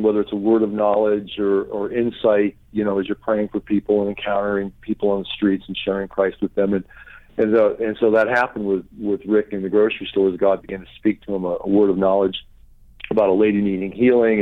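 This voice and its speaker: A middle-aged man, a pastor, telling healing stories in an interview and acting out the people he quotes. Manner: animated storyteller, acts out quotes with high pitch jumps. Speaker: pastor and author, guest. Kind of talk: conversational interview, storytelling. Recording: tinny phone-line audio.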